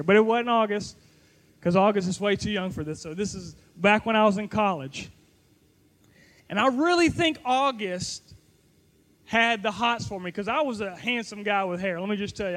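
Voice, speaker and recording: A man's voice: sits high, fairly bright tone. A middle-aged man giving a sermon, telling a self-mocking personal story to a live audience in a playful, joking way. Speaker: youth pastor.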